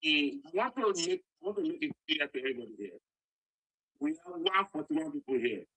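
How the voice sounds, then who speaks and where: Lively, high-pitched man. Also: brisk, gravelly, poor audio. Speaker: speaker addressing an online audio room.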